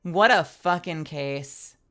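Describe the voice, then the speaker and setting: A young woman streamer winds down her stream with casual outro chat, her voice tired and strained. It sits low, a bit bright, and slow, and she's animated, laughing and swearing freely.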